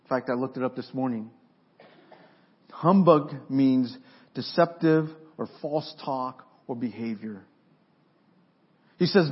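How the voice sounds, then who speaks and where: Husky-voiced preacher with dramatic pauses. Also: male voice, medium pitch. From Mexico. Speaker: pastor. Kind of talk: sermon. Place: church sanctuary. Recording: dull lo-fi sermon recording.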